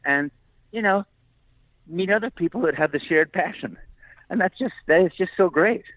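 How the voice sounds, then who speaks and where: An older man, a guest who does voice acting, chats enthusiastically and laughs often in a casual interview. His voice sits high and lively at a normal pace, recorded dry but coming through a tinny phone line.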